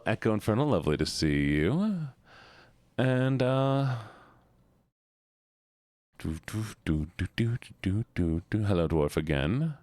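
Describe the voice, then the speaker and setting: A man streaming live, chatting casually with his viewers in a playful, sing-song way, drifting into a soft sleepy mumble. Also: mid-range voice, clean tone, no echo, clean studio sound. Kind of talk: casual chat greeting viewers.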